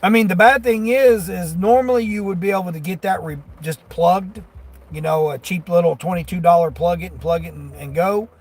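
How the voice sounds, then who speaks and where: A man's voice: high voice, fairly even intonation, fairly quick, darkish tone. A delivery driver chatting casually on a live stream from inside his vehicle, rambling in a folksy way and chuckling often. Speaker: delivery driver livestreaming to chat.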